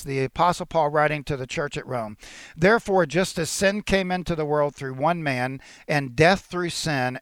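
Man preaching a sermon, slightly high voice. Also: fairly bright tone, clean tone, no room sound, clean studio sound. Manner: earnest teaching with scripture quotes, frequent restarts. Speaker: pastor.

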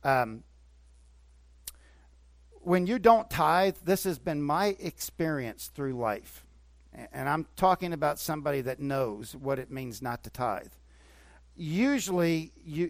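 Preaching to his flock, this pastor speaks unhurriedly and with animation, his somewhat high voice rising into forceful bursts and dipping into softer asides. The sound is close and dry, with no echo from the room.

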